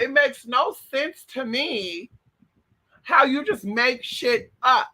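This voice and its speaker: High, bright-voiced sassy man ranting. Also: slow pace, poor audio. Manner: sassy, profane, animated, with sudden shouted bursts. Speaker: host. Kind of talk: casual spiritual advice monologue.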